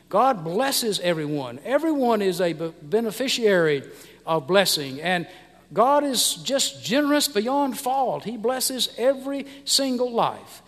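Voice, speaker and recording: A middle-aged American pastor preaches in a somewhat high voice, pausing often on fillers and restarting his phrases. His words ring out with the long reverb of a large hall. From United States. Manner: halting, many "uh" fillers and restarts. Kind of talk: sermon.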